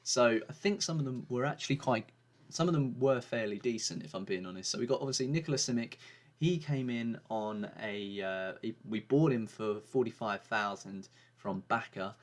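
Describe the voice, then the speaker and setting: A man's voice: medium pitch, normal speed. A man giving a casual, rambling commentary on his video game season, with frequent fillers and restarts. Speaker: gaming YouTuber.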